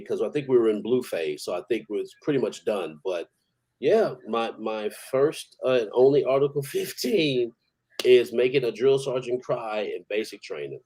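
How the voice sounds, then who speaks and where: A man's voice: medium pitch, lively intonation, moderate pace, dark tone, breathy edge, poor audio. A man, an army veteran, telling stories in a casual, profane, rambling way and chuckling now and then. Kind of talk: casual storytelling.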